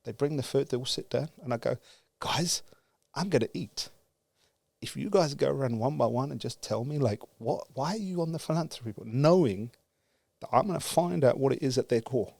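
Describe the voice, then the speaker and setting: A man from the UK telling a story with lively energy, acting out the dialogue and laughing as he goes. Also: mid-range voice, brisk, creaky, no echo. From United Kingdom. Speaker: guest speaker. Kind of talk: animated storytelling.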